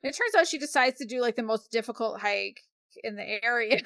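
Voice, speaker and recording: A woman co-hosting a casual podcast, recapping a story in an upbeat, chatty way. Her voice is bright and a little high. The sound is dry and close. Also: expressive, moderate pace, dry recording. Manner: upbeat, laughing, recaps books in detail. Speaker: podcast co-host. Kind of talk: casual chat.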